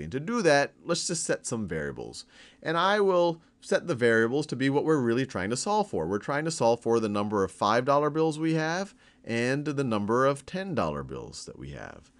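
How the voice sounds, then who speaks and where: A man's voice: medium pitch, a bit bright. A man teaching algebra in a casual, conversational way, narrating a whimsical story problem. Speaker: math teacher. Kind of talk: casual explanatory math lesson.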